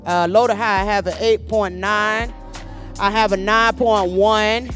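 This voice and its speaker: A man's voice: high-pitched, steady tone, a little slow, fairly bright tone, faint music behind. A man hosting a poetry slam, reading out scores and hyping the crowd in a loose, playful way. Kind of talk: live event hosting.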